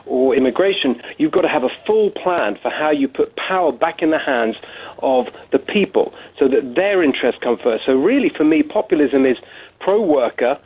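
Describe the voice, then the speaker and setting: A man with a British accent makes his case in articulate lists as a guest in a radio interview. His voice is husky and slightly high, and it comes through a thin phone line. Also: expressive, moderate pace. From Britain. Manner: articulate, listing points in runs. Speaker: guest author.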